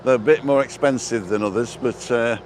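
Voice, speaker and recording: Man, mid-pitched voice, chatty vlog host, outdoors, clip-on mic. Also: brisk, a little hiss or hum. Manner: chatty, reads viewer comments aloud. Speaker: vlogger host. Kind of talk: casual walking vlog chat. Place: outdoors on a seafront promenade. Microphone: wireless lapel mic.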